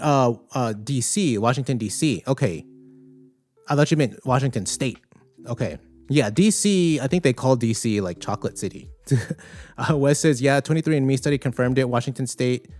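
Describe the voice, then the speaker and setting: A man hosting a livestream podcast, chatting casually and reading out viewer comments with many fillers. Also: medium pitch. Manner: relaxed, conversational, thinks aloud with many fillers.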